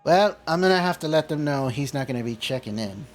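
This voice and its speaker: A man voicing a grumpy male wizard who keeps apprentices, talking in a gruff, threatening way. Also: on the high side, animated, fairly quick, soft background music, close to an everyday voice. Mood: weary.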